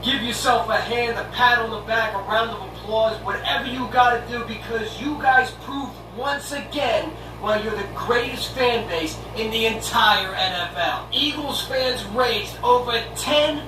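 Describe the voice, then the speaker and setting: A man's voice: extremely high pitch, unhurried, hardly any pauses. A brash man, rants sarcastically at rival fans. He sounds far from the mic in a roomy space, and a noisy background runs under him. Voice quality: mocking and brash. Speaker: fan show host. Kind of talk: sarcastic comedic rant. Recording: roomy distant noisy video recording.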